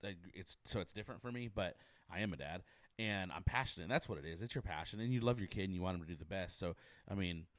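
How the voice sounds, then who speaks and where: A man's voice: low-pitched, fast, no room sound. A man hosting a podcast, chatty and eager, asking long rambling questions in casual interview talk. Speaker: podcast host.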